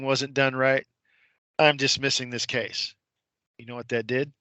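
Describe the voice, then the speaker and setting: A man's voice: mid-range voice, level tone, unhurried, pauses often, sharp tone, clean tone, no room sound. A man, a guest on a radio show, telling a story emphatically and imitating the voices of the people in it, with rhetorical questions and repeated points. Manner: retells courtroom scenes, imitating the judge's voice.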